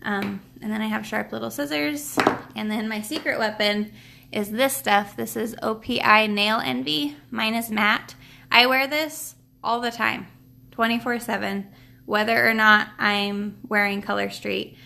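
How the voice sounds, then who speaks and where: Fairly high, creaky, pushed and bright, her voice holds a fairly even intonation at a measured pace. The nail product seller hosts a casual live stream tutorial seated at a table at home, rambling chattily with lots of fillers and restarts while a bit out of breath.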